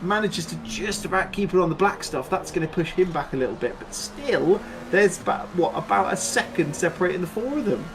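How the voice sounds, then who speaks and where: A man doing live play-by-play commentary on a sim race, excitable and chatty, laughing often. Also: high-pitched, a little fast, background noise.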